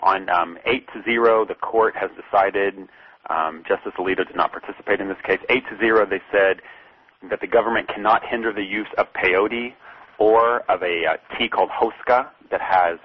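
A man reporting as a political correspondent on a radio show, confident and brisk. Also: fairly low pitch, fairly even intonation, breathy edge. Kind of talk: radio news commentary. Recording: dull radio broadcast sound.

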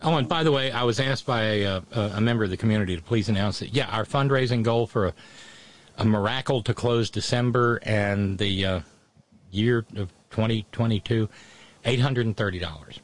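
A man's voice: on the low side, fairly quick, no room sound. A man hosting a radio show, chatting casually with a caller and cracking dry jokes. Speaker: radio host.

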